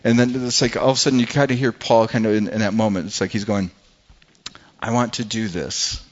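Man, pastor, sermon, earnest, stumbling repeats, fairly low voice, muffled lo-fi recording. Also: very fast. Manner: repeats words and restarts often, earnest. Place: church hall with congregation.

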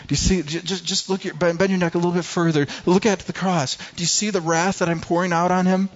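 A male pastor from Michigan delivering an earnest, conversational sermon in a voice a little higher than most men's. He drops to soft murmurs and then rises to loud declarations. The recording sounds dull and lo-fi. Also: steady tone, fast talker. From Michigan, USA.

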